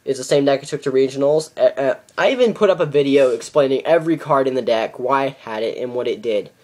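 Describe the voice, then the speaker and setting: A man's voice: mid-range voice, fast talker, darkish tone. Exasperated teenage boy ranting. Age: teens. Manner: exasperated, repeats "ridiculous" and "pathetic". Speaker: card game vlogger. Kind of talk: casual ranting vlog.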